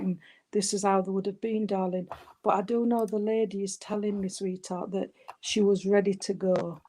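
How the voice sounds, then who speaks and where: A medium-pitched woman working as a spiritualist medium gives a reading at a service. She calls her listener sweetheart and darling in a soft, comforting way, hesitating and restarting her sentences often.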